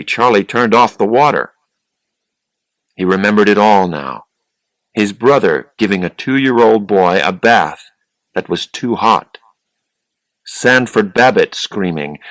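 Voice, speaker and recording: A man reading an audiobook in a slow, plain, steady way. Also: on the low side, no room sound, poor audio. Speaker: audiobook narrator. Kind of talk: scripted audiobook narration.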